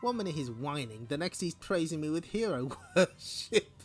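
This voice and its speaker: A man's voice: fairly high pitch, big pitch swings, moderate pace, breathy edge, soft background music. A man voicing an earnest, patient young male fox hero in a comic read-along.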